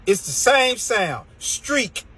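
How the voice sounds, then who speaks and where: Husky, animated man ranting comically. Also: extremely high pitch, takes it slowly, poor audio. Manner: exasperated, animated, drawls words for emphasis. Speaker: comedian. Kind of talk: comedic rant to camera.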